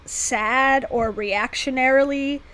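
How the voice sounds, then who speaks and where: A woman's voice: high voice, steady tone, slow, a bit bright, poor audio. A woman from Florida, co-hosting a livestream in casual, self-deprecating chat and laughing often. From Florida, United States. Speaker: livestream co-host.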